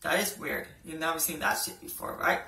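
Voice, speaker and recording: Young male amateur comic, sharp-toned, swearing, loose and rambling delivery, picked up from a distant camera mic. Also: a little high, steady tone, brisk. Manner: rambling, peppered with "you know" and "right", swears a lot. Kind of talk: casual stand-up routine. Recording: echoey room, voice from off-mic.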